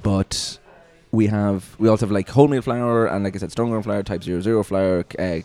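Animated man telling stories. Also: fairly low pitch, brisk. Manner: swearing, animated storyteller acting out customers. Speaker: podcast host. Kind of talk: casual chat, storytelling.

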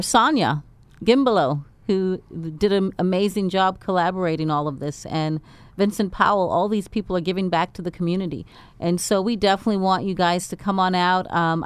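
Encouraging low-voiced woman, smooth and dry. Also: dry recording. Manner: encouraging, affirming. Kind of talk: radio interview guest.

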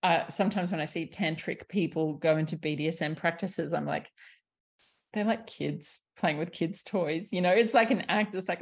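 A woman sexuality coach talking in a casual podcast conversation, candid and animated, swearing freely and laughing often. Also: on the low side, normal speed, husky.

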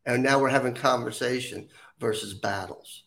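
A man's voice: mid-range voice, moderate pace, creaky. A middle-aged man, a podcast guest, telling stories and acting out the voices of others. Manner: animated, acts out quoted voices. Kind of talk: storytelling in an interview.

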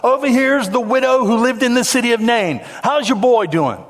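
A man voicing a burly fisherman addressing a crowd, loud and emphatic. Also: very high-pitched, animated, moderate pace, voice pushed up. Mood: proclaiming. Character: burly adult male fisherman, excitable and bold.

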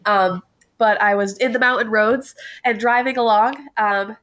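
A woman guest, a cosplayer from Connecticut, telling a story in an animated way and laughing often. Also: on the high side, measured pace. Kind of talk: casual podcast chat.

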